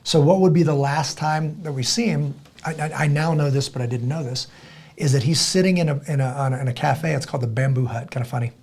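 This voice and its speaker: A middle-aged man tells a story as a podcast guest. His voice is husky and sits a little high, and he keeps circling back on his words. He brings the tale to life by acting out the voices of the people in it. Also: fast. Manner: animated, acts out other people's voices; frequent restarts and repeated words. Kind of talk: conversational storytelling.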